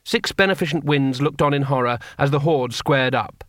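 A man narrating an audiobook with expressive storytelling. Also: mid-range voice, moderate pace, hardly any pauses, dry recording, clean studio sound. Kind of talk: scripted narration.

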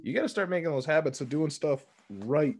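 A man's voice: a little high, expressive, fairly quick, a little mellow. A young man co-hosting a podcast, telling stories in a laid-back, casual way. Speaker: podcast co-host. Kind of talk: casual chat.

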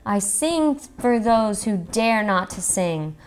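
A woman's voice: mid-range voice, animated, slow, clean tone. A woman voicing a cheerful, stubborn little rooster in a storybook read-aloud, with a lilting, lifted voice. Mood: brave. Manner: cheerful, determined.

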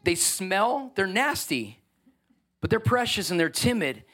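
Passionate high-voiced man preaching a sermon. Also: very animated, unhurried, a bit bright. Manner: passionate, preaching with rising intensity and rhetorical questions; casual asides and humor. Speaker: pastor. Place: church. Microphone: microphone.

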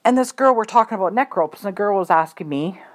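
A woman who trains horses, telling a story in a chatty, blunt, animated monologue. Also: mid-range voice, quick pace.

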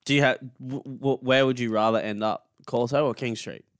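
A man's voice: mid-range voice, steady tone, brisk, no echo, studio quality. A young man with an Australian accent, co-hosting a podcast with teasing banter and frequent restarts. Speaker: podcast co-host. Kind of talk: casual chat.

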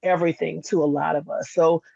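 A woman who runs a candle business, a guest on a casual podcast, telling her story in an animated, chatty way with many fillers. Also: low voice, brisk, gravelly, no room sound. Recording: dull lo-fi dry sound.

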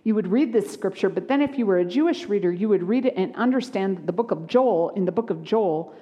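Woman pastor, sermon, hushed to lively, long hall reverb. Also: mid-range voice, fairly quick, dull audio. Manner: expressive, shifts from hushed to lively. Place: church sanctuary.

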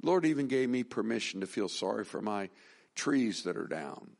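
A man's voice: on the low side, expressive, normal speed, gravelly, a little mellow. A middle-aged man preaching a sermon as pastor, talking in a conversational, folksy way, with restarts and rising emphasis.

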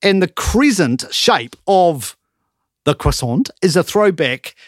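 A man's voice: high voice, sing-song, slow, dry recording, studio quality. A New man chatting casually as a co-host, laughing often. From New Zealand. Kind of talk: casual chat.

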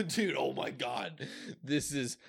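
Gravelly young man, laughing banter. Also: mid-range voice, expressive, slow, no echo, clean studio sound. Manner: laughing often, crude joking. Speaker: podcast co-host. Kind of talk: casual chat.

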